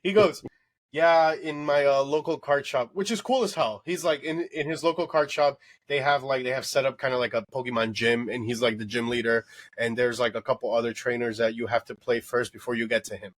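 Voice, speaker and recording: A man hosting a casual late-night podcast, telling an animated story with lots of swearing and laughter. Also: medium pitch, fast, few pauses. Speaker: podcast host.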